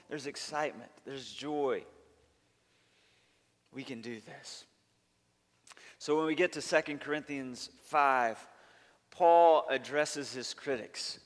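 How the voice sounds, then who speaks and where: A man preaching a sermon at an unhurried, deliberate pace. He talks earnestly and with emphasis, building long lists point by point. His voice carries the long reverb of a large church sanctuary. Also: mid-range voice. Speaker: pastor.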